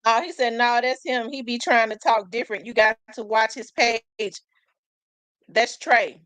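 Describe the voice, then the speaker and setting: A chatty woman host talking casually to her viewers, her voice pitched a little high. She keeps asking questions aloud as she thinks, and the sound is close and dry. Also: a little slow, a bit bright, no room sound. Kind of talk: casual live commentary.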